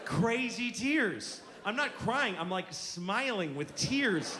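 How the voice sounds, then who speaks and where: A man's voice: high-pitched, big pitch swings, takes it slowly, hardly any pauses, long reverb tail, background noise. A man in his forties telling exasperated, self-mocking stand-up stories on stage. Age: 40s. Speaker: stand-up comedian. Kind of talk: stand-up comedy storytelling.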